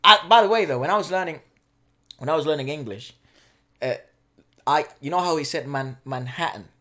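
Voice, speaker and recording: A man's voice: fairly high pitch, brisk, fairly bright tone. A young man chatting casually, rambling with restarts and jokes. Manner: rambling, many restarts and fillers, jokey. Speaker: co-host of a reaction channel. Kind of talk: casual chat.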